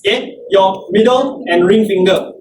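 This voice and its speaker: Male CPR instructor, high voice, heard from far off in an echoey, noisy hall. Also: moderate pace. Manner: starts nearly every line with "okay", counts compressions aloud. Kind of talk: hands-on first aid class instruction. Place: indoor training hall. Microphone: far camera.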